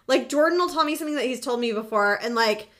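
A woman's voice: on the high side, fast talker, a bit bright. A young woman co-hosting a podcast, chatting casually with many "like" fillers. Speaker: podcast co-host. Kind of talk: casual chat.

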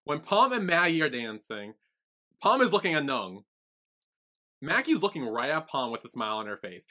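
Male podcast co-host, animated recapper, bright and forceful voice. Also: fairly high pitch, moderate pace. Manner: animated storytelling, acts out quotes. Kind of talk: casual recap chat.

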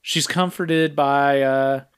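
A man's voice: mid-range voice, fairly even intonation, takes it slowly, clean tone. A man co-hosting a podcast, walking through a movie's plot in a casual, step-by-step recap with frequent filler sounds. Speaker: podcast co-host.

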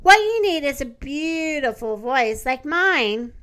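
A woman's voice: high-pitched, very animated, slow pace, fairly bright tone, heavily acted. A woman voicing a vain, haughty nightingale in a storybook read-aloud, in a condescending and prim way.

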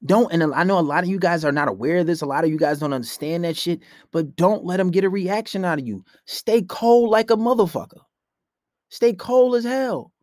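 A man's voice: high voice, brisk, a little mellow, no room sound. Profane young man ranting, close and dry. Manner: profane, rambling, blunt. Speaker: podcast host. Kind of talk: casual dating-advice rant. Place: home room at night. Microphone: laptop.

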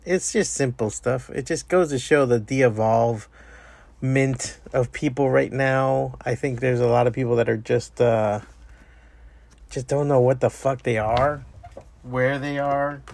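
A man's voice: mid-range voice, fairly even intonation, unhurried, vocal fry, darkish tone, no room sound. A man hosting a podcast, telling a rambling, profane story in a casual monologue. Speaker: podcast host.

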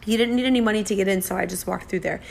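A woman's voice: medium pitch, very fast, gravelly. A woman from the United States casually telling a chatty, self-deprecating travel story and acting out the dialogue.

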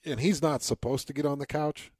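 A man's voice: fairly high pitch, steady tone, fairly quick, darkish tone, slightly rough, no room sound. A man co-hosting a casual talk show, chatty and enthusiastic, laughing often. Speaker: radio co-host. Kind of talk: casual chat.

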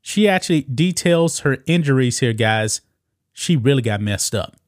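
A man's voice: medium pitch, animated, moderate pace, no room sound, studio quality. A man hosting casual political commentary, talking straight to viewers as guys and scoffing as he reads news quotes. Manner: talks straight to viewers, calls them guys.

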